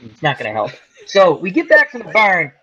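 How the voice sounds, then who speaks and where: A man's voice: high-pitched, huge pitch swings, fairly quick, bright, forceful tone, poor audio. A man telling a long, funny story in a casual chat, acting out quotes and swearing freely. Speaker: podcast co-host telling a story.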